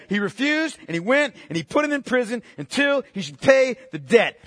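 High-voiced impassioned male preacher. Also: big pitch swings, brisk, few pauses, no echo, clean studio sound, in a large hall. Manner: impassioned, rhetorical questions, swings from loud to hushed. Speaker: pastor. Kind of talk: sermon.

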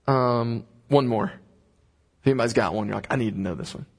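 A man preaching a sermon, earnest and impassioned, moving into slow prayer. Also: mid-range voice, breathy edge. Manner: impassioned, rising to fervent pleading when reading aloud.

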